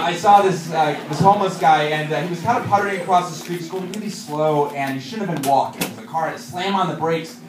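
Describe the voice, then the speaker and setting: A man doing a stand-up set, telling self-mocking stories with lively shouted punchlines before a live audience. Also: a little high, background noise. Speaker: stand-up comedian. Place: comedy club stage with audience. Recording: roomy, distant live club recording.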